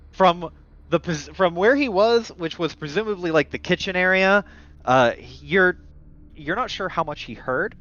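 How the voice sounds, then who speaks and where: Game master with a muffled mic. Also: male voice, fairly high pitch, fairly bright tone. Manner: loose, rambling narration with restarts. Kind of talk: narrating a tabletop game.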